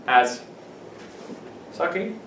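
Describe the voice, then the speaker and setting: A man's voice: on the high side, animated, very slow, sharp tone. A man teaching an English vocabulary lesson to a class, explaining words, repeating them and checking that students follow. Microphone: camera at a distance. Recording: echoey classroom from far off with faint hiss.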